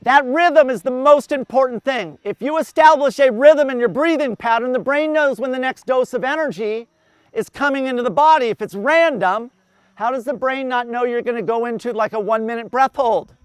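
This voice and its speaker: A man's voice: very high-pitched, moderate pace, clear, resonant tone, no echo. A man coaching a group outdoors, explaining running and swimming cadence step by step and counting breaths aloud in rhythm. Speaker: endurance coach.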